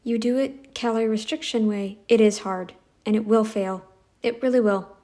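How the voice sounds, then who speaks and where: A woman's voice: fairly high pitch, fairly even intonation, normal speed, mellow. A woman giving sarcastic reaction commentary in a blunt, mocking, scornful way, recorded on a phone mic.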